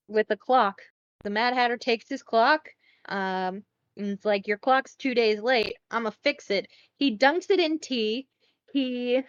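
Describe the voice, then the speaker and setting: A woman on a casual podcast talks a film through in a chatty, profane way, her voice pitched a bit high and smooth. She sits close and dry on the mic, and the recording sounds a little muffled. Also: dry recording. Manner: chatty, profane, animated retelling. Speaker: podcast co-host.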